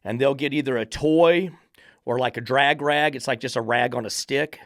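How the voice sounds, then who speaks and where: A man's voice: medium pitch, normal speed, vocal fry, no echo, clean studio sound. A man who trains dogs and hosts a podcast, ranting in a blunt, profane, emphatic monologue. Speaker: dog trainer and podcast host.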